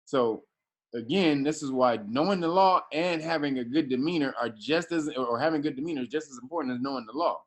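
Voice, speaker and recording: A man is leading a relaxed class, speaking in plain street slang. He pushes his points with emphasis and keeps circling back to restart his sentences. His voice sits at an ordinary, mid-range pitch. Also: fairly quick. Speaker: class instructor. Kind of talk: casual lecture to a class.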